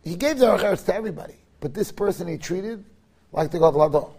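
A man, a rabbi, giving a sermon and telling a story in an animated way, moving between hushed passages and loud ones. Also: high voice, fast talker, slightly rough.

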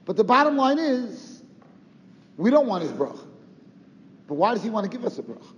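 High-voiced man teaching in an echoey hall. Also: fairly quick. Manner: lively rhetorical questioning with Yiddish and Hebrew terms. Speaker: Torah teacher. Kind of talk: Torah lecture. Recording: roomy reverb, dull lo-fi sound, faint noise.

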